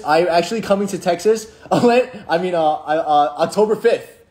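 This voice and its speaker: A man's voice: high-pitched, animated, unhurried, a little mellow. Playful young man chatting on a live stream. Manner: playful, jokey, rambling with restarts and sudden mock-sad drops. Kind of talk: casual live-stream chat reading comments.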